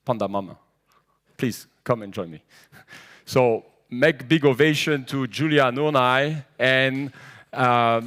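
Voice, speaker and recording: Man, slow halting delivery, emotional event speech. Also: medium pitch. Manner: halting, repeats words, grows loud and excited.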